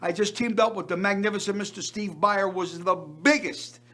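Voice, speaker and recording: A man's voice: sits high, normal speed, pushed and bright. An older man hosting a variety show, delivering an effusive showman's monologue and repeating words for emphasis.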